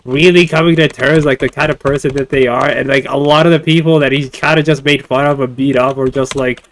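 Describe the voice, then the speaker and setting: A man's voice: mid-range voice, steady tone, fairly quick, fairly bright tone, slight background noise. A man in casual chat, rambling hesitantly with many "like"s as he tries to recall something.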